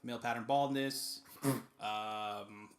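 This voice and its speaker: A man's voice: lowish voice, steady tone, slow pace. A man co-hosting a podcast in casual chat, joking and self-deprecating. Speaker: podcast co-host.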